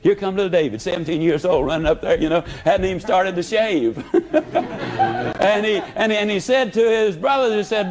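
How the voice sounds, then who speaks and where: Here a man's high-pitched voice carries an archival motivational speech at normal speed over poor audio. He's an animated, folksy storyteller.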